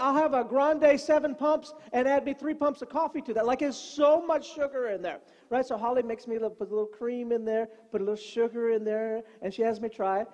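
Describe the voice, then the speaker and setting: A middle-aged male pastor preaching a sermon full of comic personal stories, in an animated, joking preacherly way. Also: very high voice, highs cut off. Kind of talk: humorous sermon storytelling.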